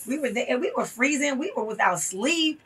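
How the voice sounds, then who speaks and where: A woman's voice: high-pitched, lively intonation, a little fast, a bit bright, husky, distant mic. A woman guest telling a story in an interview, earnest and impassioned, repeating phrases for emphasis.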